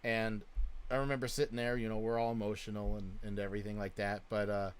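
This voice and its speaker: A man in his thirties, telling a story in casual chat, with frequent swearing and loud bursts of laughter. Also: fairly low pitch, flat delivery, fast, smooth. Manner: swears a lot and laughs loudly. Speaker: streamer.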